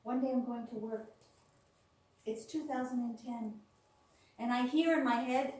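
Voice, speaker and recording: Pausing often and speaking a little slowly, a woman whose voice sits on the high side tells a small audience about her personal experiences. She's an animated storyteller who voices the quoted lines of others. The room is echoey, and she sounds distant.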